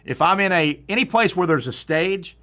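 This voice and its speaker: A chatty Southern man hosts a sports talk show, his voice bright and forceful and sitting a little higher than most men's. He jokes freely and restarts his sentences often. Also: lively intonation, normal speed. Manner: chatty, joking, frequent restarts. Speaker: sports radio host.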